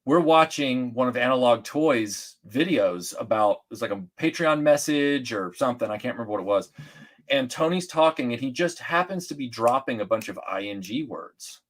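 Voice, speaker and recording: With a medium pitch and normal speed, this middle-aged Atlanta man tells stories as a guest in relaxed conversation. He rambles in an animated way, with many restarts and filler words.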